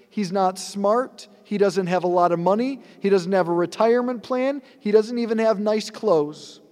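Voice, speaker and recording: A man's voice: sits high, a little mellow. A man, a priest, giving a sermon in an earnest, conversational way with rhetorical asides. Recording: long hall reverb.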